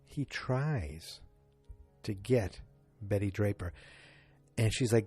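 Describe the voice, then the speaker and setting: A podcast host talks through a TV episode in a loose, chatty way, slipping into quick voices for the characters. His low, husky voice sits over faint music. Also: lively intonation, warm tone. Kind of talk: casual episode recap.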